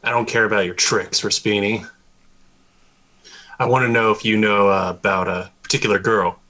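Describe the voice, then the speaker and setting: A man's voice: on the low side, steady tone, normal speed, pushed and bright. A man playing a tabletop game, blunt and pushy in character. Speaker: player. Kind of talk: tabletop role-play.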